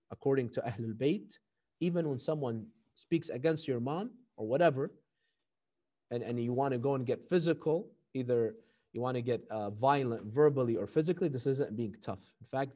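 A man teaching a seminary ethics class, telling stories with animated delivery and quoting sayings before translating them. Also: a little high. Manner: animated storytelling, quotes Arabic hadith then translates. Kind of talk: recorded class lecture.

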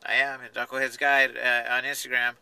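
Man in his forties, sharp tense tone, dry close sound; rambling vlogger cracking self-deprecating jokes from his car. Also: mid-range voice, little pitch movement, fairly quick, vocal fry, clear, resonant tone, dry recording, poor audio. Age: 40s. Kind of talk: rambling casual vlog. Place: inside his parked car at night.

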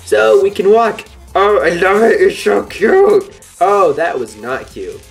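A man's voice: sits high, lively intonation, slow pace, vocal fry, soft background music. A man doing goofy let's-play commentary, playful and joking. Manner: goofy, playful, drops into silly voices. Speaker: gaming YouTuber.

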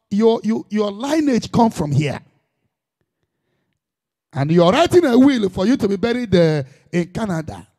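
A man's voice: sits high, darkish tone. A man with a Nigerian Igbo accent, preaching a sermon as a pastor in an impassioned, emphatic style full of repetition.

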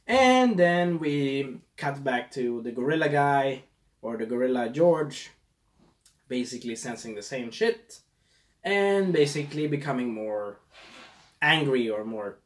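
A man's voice: medium pitch, lively intonation, measured pace. A man casually reviewing a movie, rambling and losing his train of thought, with a scratchy throat.

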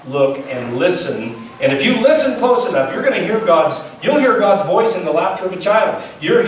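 A male pastor with a high voice preaches a sermon in a folksy, conversational style, posing questions to his listeners. The recording sounds echoey, like a church captured by a distant mic, with slight background noise.

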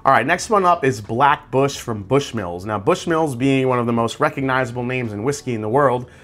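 A man hosting a casual whiskey tasting review, describing tasting notes aloud in a relaxed, conversational way. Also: medium pitch. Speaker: whiskey reviewer, channel host.

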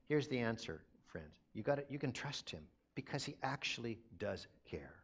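Middle-aged pastor preaching emphatically. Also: male voice, medium pitch, big pitch swings, normal speed, husky. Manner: emphatic, repeats key phrases. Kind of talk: sermon. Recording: dull lo-fi sermon recording.

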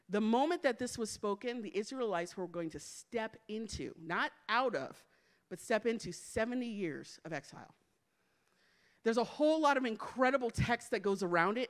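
A woman preaching a sermon to a congregation in an animated, playful way, joking with the crowd and dropping to a soft, hushed voice in prayer. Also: a little high. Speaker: church speaker.

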